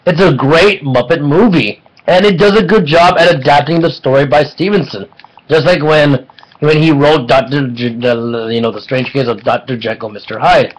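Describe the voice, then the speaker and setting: A man giving a casual online film review, excitable and rambling, with jokes between points. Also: a little high, moderate pace, poor audio.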